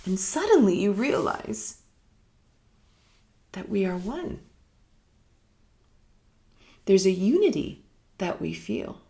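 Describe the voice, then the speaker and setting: A woman giving a reflective spiritual teaching in a live online session, musing and unhurried, sometimes dropping almost to a whisper. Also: medium pitch, sing-song, vocal fry, warm tone. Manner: unhurried, musing, drops to near-whispers at times. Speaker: meditation teacher. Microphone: live online broadcast.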